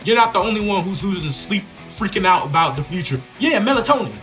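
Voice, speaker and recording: Gaming YouTuber, man with a higher voice, slangy and riffing, reading game dialogue over soft music. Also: animated, fast. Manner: joking, slangy, riffing on the story. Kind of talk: playthrough commentary with read-out game dialogue.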